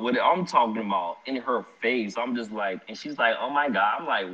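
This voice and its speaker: A young man casually telling an animated, slangy story about a night out, laughing often. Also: mid-range voice, moderate pace, hardly any pauses. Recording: dull lo-fi sound.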